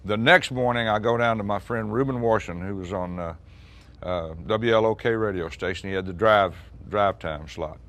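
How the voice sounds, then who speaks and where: A man in his sixties, a musician recounting an old recording session in relaxed, chatty storytelling. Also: on the low side, moderate pace. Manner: chatty, acts out quoted dialogue, frequent restarts and laughs.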